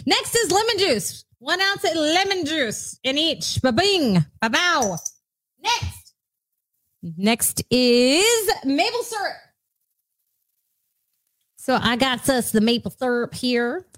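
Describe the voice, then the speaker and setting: A woman's voice: high-pitched, very animated, slow, long pauses, fairly bright tone, no echo. A woman, co-hosting a casual cocktail-making show, playful and crude, laughing often. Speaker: co-host.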